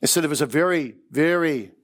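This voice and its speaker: A man's voice: on the high side, fairly quick. A man preaching a chapel sermon, telling stories earnestly and sometimes repeating words as he builds. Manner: earnest storytelling, repeats words when excited. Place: chapel service.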